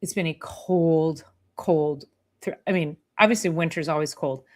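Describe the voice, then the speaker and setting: Woman chiropractor on a live stream, chatty and animated, lots of quick asides. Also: low-pitched. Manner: animated, chatty, mimics patients with sing-song la-la sounds. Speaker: chiropractor hosting a weekly live health show. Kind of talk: casual live-stream talk.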